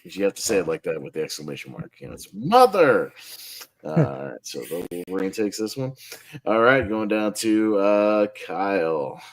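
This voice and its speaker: A man's voice: deep voice, lively intonation, a little fast. A man hosting a casual online group chat, upbeat and laughing often as he runs the votes. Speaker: host.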